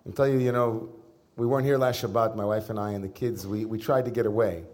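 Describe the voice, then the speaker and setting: Conversational rabbi giving a sermon. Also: male voice, fairly low pitch, steady tone, darkish tone. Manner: conversational, humorous, with pauses and fillers. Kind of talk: sermon with personal storytelling. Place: synagogue service before a congregation.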